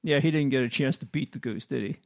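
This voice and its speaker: Gravelly man telling wry stories. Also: mid-range voice, fast talker, no room sound, clean studio sound. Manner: relaxed, wry anecdotes. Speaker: co-host. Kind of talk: casual chat with personal stories.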